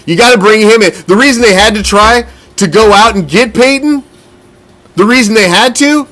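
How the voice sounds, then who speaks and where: Man, fan show host, profane and blunt, rambling casual talk, slightly winded, somewhat high voice. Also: normal speed, fairly bright tone. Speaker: podcast host.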